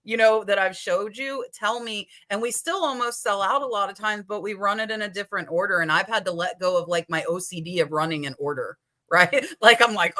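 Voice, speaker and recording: A woman in her forties hosting a live chat show, talking in an animated way and acting out her own thoughts. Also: mid-range voice, moderate pace. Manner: animated, quotes her own inner talk. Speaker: podcast host. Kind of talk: casual live-stream chat.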